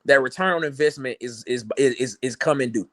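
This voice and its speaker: A man's voice: mid-range voice, a little fast, a bit bright, no room sound, studio quality. A man co-hosting a casual sports reaction show, emphatic and sarcastic, often repeating words as he builds a point. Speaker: sports talk co-host.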